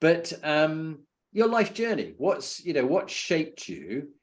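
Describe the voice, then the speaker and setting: A man's voice: on the high side, wildly swooping pitch, slow. A middle-aged man from the United Kingdom hosting a podcast, asking long, rambling, supportive questions full of fillers. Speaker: podcast host. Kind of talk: interview conversation.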